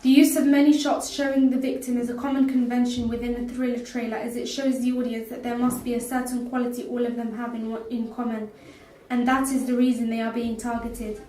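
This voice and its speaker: Girl reading coursework, flat tone, far off mic, faint noise behind. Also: on the high side, fairly quick, hardly any pauses, roomy sound. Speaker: student presenter. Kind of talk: reading a school media evaluation.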